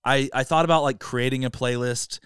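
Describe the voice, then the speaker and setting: A man's voice: mid-range voice, steady tone, brisk, a bit bright, clean tone, no room sound, clean studio sound. A man co-hosting a music podcast in a laid-back, joking, rambling way. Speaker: podcast co-host. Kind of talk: casual podcast chat.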